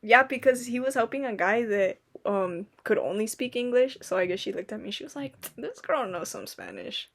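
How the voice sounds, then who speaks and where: A woman's voice: on the high side, big pitch swings, normal speed, gravelly, hardly any pauses. Chatty young woman telling stories. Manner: rambling storytelling, lots of "like" and "um", acts out quotes. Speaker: podcast co-host. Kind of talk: casual chat.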